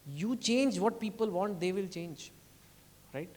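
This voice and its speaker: Indian-accented male speaker, fairly high voice, passionate launch-event speech, echoing hall. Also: animated, unhurried, darkish tone. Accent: Indian English. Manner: impassioned, pleading, rising to emphatic outbursts. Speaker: author speaking at a book launch. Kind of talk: public speech.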